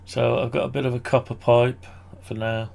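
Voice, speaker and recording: A man's voice: mid-range voice, little pitch movement, moderate pace, vocal fry, darkish tone. A man walking through his amateur radio antenna project on screen, thinking aloud and correcting himself as he goes. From United Kingdom. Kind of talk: casual screen-share walkthrough.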